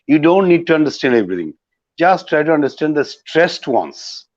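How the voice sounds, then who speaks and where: A man's voice: fairly high pitch, sing-song, normal speed, dry recording, lo-fi sound. A middle-aged man with a Bangladeshi accent, an English professor giving a didactic talk as a guest speaker, often checking in with "okay?" and "you see". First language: Bengali. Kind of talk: lecture-style talk.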